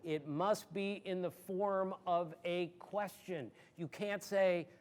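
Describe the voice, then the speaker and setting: A man in his sixties from Maryland, guest at an audience Q&A, telling stories in an animated, emphatic way and laughing easily. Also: high voice, takes it slowly. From Maryland, USA. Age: 60s. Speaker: guest sportswriter. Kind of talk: storytelling in an audience Q&A.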